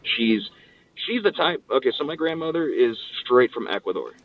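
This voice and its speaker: A man's voice: mid-range voice, normal speed. A man guest on an interview, telling stories casually and acting out what others said. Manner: animated storyteller acting out quotes. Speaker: guest, pro wrestler. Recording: distant, phone-like line.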